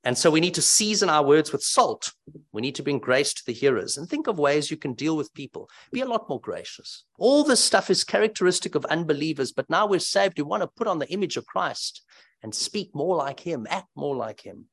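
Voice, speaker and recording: A man preaching an expository sermon, emphatic and animated, asking rhetorical questions. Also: fairly high pitch, fairly quick.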